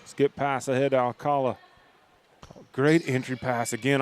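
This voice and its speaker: A man doing play-by-play for a high school basketball game, reading a sponsor spot and rising loud and quick on big plays. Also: slight background noise. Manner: rises loud and excited on plays. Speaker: play-by-play announcer.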